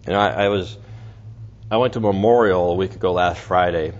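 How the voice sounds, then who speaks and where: A man's voice: deep voice, moderate pace, a little mellow. A man teaching through a Bible passage in a conversational way, with restarts and asides. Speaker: preacher. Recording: dull lo-fi recording with faint noise.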